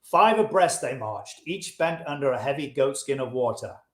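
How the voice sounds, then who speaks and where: A man's voice: medium pitch, expressive, moderate pace, a bit bright. Man reading a book aloud in an echoey room. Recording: roomy echo.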